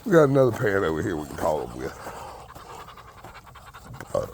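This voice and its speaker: A man with a rough, gravelly voice chats casually to his viewers while he feeds his hens in a frozen yard. His pitch swoops up and down constantly, and his drawl turns soft and coaxing when he calls to the birds. A faint hiss of noise sits under the recording. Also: sing-song, normal speed. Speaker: backyard chicken keeper. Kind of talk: casual vlog chat. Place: outdoor yard and front porch in freezing weather.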